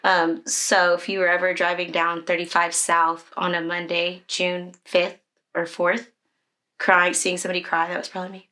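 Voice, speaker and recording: Children's ministry leader, woman, bright forceful voice, candid emotional storyteller with lots of fillers. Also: on the low side, monotone, normal speed. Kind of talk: personal storytelling in a conversation.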